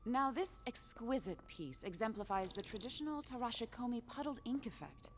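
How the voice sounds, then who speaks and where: A woman's voice: a little high, animated, moderate pace, slight background noise, close to an everyday voice. An actress voicing a polished, evasive female auction house host in a video game, formal and guarded. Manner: formal and guarded, deflecting questions. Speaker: game character.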